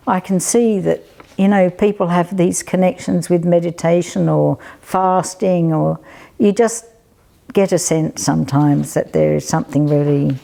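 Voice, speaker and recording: An older woman reminisces in an easy, rambling way, with plenty of fillers as she talks. Her voice sits low and carries a gravelly fry. The tone is mellow and dark rather than bright. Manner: rambling, chatty, with frequent fillers. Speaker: storyteller. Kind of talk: casual spoken reminiscence.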